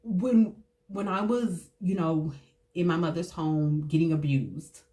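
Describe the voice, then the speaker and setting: A woman, telling her own story in a candid, halting way with many fillers and restarts. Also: fairly low pitch, mellow. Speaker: host. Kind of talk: personal storytelling to camera.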